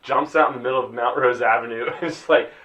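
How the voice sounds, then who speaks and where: A man's voice: mid-range voice, steady tone, fast, fairly bright tone. A young man co-hosting a podcast, telling a rambling story with a laugh and acting out what people said. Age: young adult. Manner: rambling, laughing, acts out quotes. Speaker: podcast co-host. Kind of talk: casual storytelling chat.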